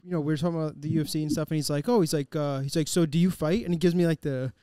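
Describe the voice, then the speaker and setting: A man's voice: on the high side, fairly even intonation, racing, a crowd in the background. A man on a podcast telling a funny story in a loose, laughing way. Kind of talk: casual storytelling chat.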